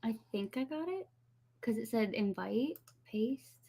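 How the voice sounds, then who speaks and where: A woman's voice: fairly high pitch, lively intonation, a little slow, mellow, husky. A woman acting as chat moderator on a livestream, flustered and talking to herself as she sorts out the settings.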